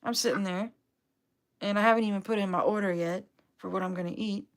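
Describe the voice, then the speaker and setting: A woman's voice: mid-range voice, steady tone, brisk. A young adult woman telling a rambling, upbeat story on a casual livestream, full of fillers. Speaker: vlogger, duck owner.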